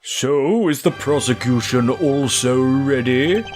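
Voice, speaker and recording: A man voicing a pompous middle-aged male judge with a put-on Canadian accent. He speaks slowly and drawn out, tags "eh" onto his lines, and rambles about beards. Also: mid-range voice, darkish tone, faint music behind, voice pushed up, natural voice. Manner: slow, drawn-out, ends lines with "eh".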